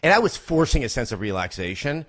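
A man in his forties chats as a guest on a podcast, telling stories with animation. His pitch swings widely, and he stammers and repeats words as he goes. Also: sing-song, fast, a bit bright. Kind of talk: casual chat.

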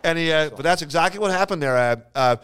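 A man co-hosting a podcast, telling animated stories in casual chat and jumping into higher voices for the people he quotes. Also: fast, slight background noise. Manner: animated storyteller who jumps into high voices for quoted people. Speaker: podcast co-host.

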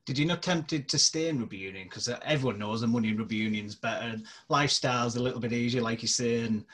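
A man's voice: medium pitch, fast, fairly bright tone. A man interviewing his guest with chatty, leading questions.

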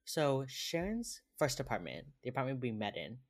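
A man with a voice of medium pitch chats casually on a podcast. He walks through an episode in a relaxed way and chuckles often as he goes. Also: normal speed. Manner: laid-back, chuckling episode recap. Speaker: podcast co-host. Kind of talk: casual chat.

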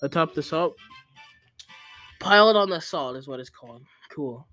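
Excitable young man narrating gameplay. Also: a little high, moderate pace, no echo, soft background music. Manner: excitable, scolds the game character in sudden yelps. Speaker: let's play gamer. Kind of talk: casual gameplay commentary.

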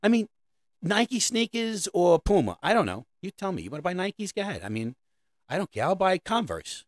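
A man's voice: high-pitched, very animated, normal speed, no echo. A middle-aged man delivering a rambling, sarcastic comedic monologue about parenting. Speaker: comedic host.

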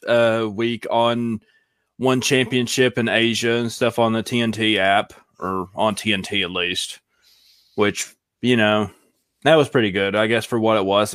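A man's voice: medium pitch, fairly bright tone, clean tone, dry recording, studio quality. A man co-hosting a casual podcast, talking in an easygoing way and chuckling often. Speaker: podcast co-host and show producer.

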